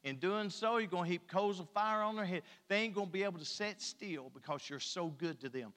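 A man's voice: high voice, normal speed, few pauses, bright, forceful tone, big-room sound. A man preaching a sermon in a church, talking in a folksy, colloquial way. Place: church sanctuary.

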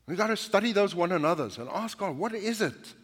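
A man's voice: high-pitched, animated, brisk, breathy edge, in a large hall. A male pastor preaching a sermon in a conversational, anecdotal way, often restarting his sentences. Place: church sanctuary.

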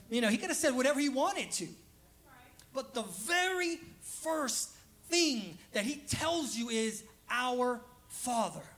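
A man's voice: very high voice, big pitch swings, unhurried, a bit bright. A male pastor giving a live church sermon in a conversational style, repeating words for emphasis and briefly acting out the people he quotes. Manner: conversational preaching that acts out short quoted voices. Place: church service streamed live.

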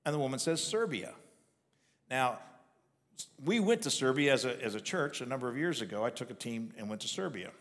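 A man's voice: medium pitch, lively intonation, fast talker, fairly bright tone, in a large hall. A male pastor giving a sermon, talking in a conversational way with frequent restarts and repeated words. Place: church sanctuary.

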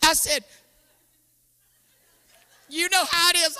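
High bright woman giving her testimony. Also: a little slow. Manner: animated storytelling, exclaiming and laughing. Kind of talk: testimony sermon. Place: church sanctuary before a live audience.

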